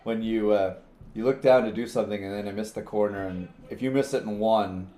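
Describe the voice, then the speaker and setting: Man, low mellow voice, halting and laughing, roomy echo, faint noise. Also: steady tone. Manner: laughing, halting, stumbling restarts. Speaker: podcast co-host. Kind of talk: casual chat.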